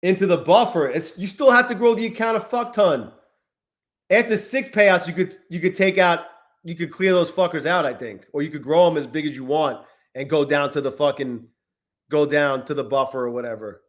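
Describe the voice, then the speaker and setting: A man in his forties talks loosely to his viewers in a live stream, restless and quick to swear. His voice sits a little higher than most men's. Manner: profane, restless, talks to chat. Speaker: trading livestream host. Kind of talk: casual live-stream chat.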